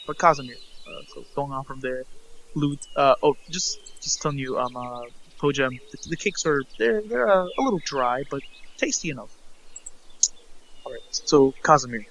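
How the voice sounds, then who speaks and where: A man's voice: medium pitch, a bit bright, low-quality recording. A male game master narrating a tabletop session in a loose, filler-heavy way. His voice sits mid-range and plain. Faint cricket noise runs behind him. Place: indoors at home.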